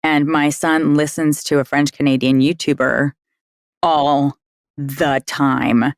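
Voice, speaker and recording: A narrator tells a work story on a roundtable, animated and laughing often. The voice is gravelly with vocal fry, and the sound is dry and close. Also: medium pitch, takes it slowly, dry recording. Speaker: audiobook narrator, guest. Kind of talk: casual roundtable discussion.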